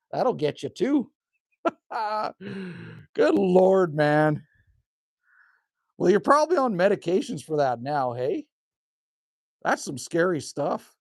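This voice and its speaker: Chatty Canadian man, a little hoarse. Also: high-pitched, a little mellow, no room sound, studio quality. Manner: folksy, chatty, drops "hey?" and "man". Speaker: livestream host reading chat. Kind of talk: casual live chat. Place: rural cabin indoors.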